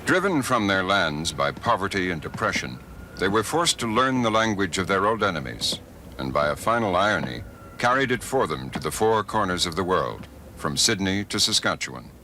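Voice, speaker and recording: A middle-aged man narrating a documentary as host, measured and expressive. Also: low voice, slight background noise. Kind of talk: scripted narration.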